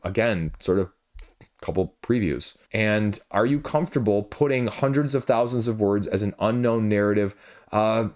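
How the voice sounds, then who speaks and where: A man reviewing board games, talking casually through a crowdfunding page and peppering it with rhetorical questions and asides. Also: mid-range voice. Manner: conversational, full of rhetorical questions and "you know, right?" asides. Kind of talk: casual commentary while scrolling a crowdfunding page.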